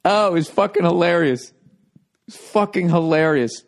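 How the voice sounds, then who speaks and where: A man's voice: a little high, moderate pace, gravelly. A middle-aged man and comedian telling a rambling, profane story in a casual podcast monologue with wry asides.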